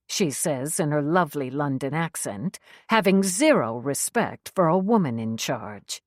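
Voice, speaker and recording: A woman reading a first-person story aloud, measured with a wry edge. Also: sits low, lively intonation, no room sound, studio quality. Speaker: audiobook narrator. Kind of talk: first-person scripted narration.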